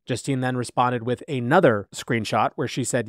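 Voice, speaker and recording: A man hosting an AI news podcast, telling the story in a brisk, animated way. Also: medium pitch, dry recording, studio quality. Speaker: podcast host. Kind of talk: AI news commentary.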